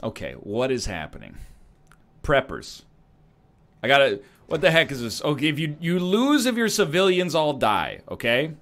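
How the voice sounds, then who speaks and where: A man's voice: fairly high pitch, wildly swooping pitch, normal speed, fairly bright tone. A man joking and thinking aloud as he plays a strategy game, giving casual gameplay commentary. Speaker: gaming streamer.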